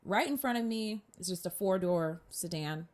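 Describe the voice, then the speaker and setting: A woman hosting a podcast, telling a personal story in a chatty, animated way and calling her listeners y'all. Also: fairly low pitch, moderate pace. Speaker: podcast host.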